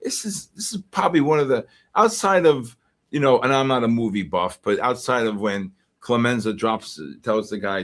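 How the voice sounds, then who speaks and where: A man from the Bronx, hosting a live futures trading stream and reacting excitably to the market while greeting viewers. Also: medium pitch, moderate pace. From the Bronx, New York. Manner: excitable, greets chat names in bursts. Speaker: host and futures trader.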